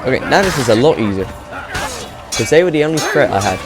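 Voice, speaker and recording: A man's voice: mid-range voice, big pitch swings, quick pace. A man giving chatty, rambling let's play commentary and laughing at himself. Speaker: gaming video host. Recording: game music playing behind.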